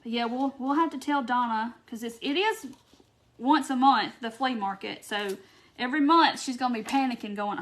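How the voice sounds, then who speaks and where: A woman's voice: a little high, normal speed. A woman hosting a casual live-stream craft demo, chatty and gushing as she reads viewer comments aloud. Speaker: craft tutorial host.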